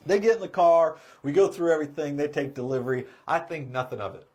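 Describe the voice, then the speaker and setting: A middle-aged man, a car sales trainer, telling a story in a casual, animated way and laughing as he goes. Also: a little high, fast talker.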